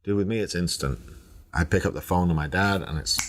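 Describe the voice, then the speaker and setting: A man's voice: low-pitched, a little fast. A man with a Northern English accent hosting a podcast in a chatty, easygoing way, laughing easily. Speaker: podcast host. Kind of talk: casual conversation.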